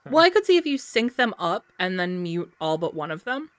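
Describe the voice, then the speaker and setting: A woman's voice: fairly low pitch, very animated, fairly quick, no room sound. A woman streamer chatting casually while gaming, telling stories and laughing often. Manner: giggly, chatty storyteller.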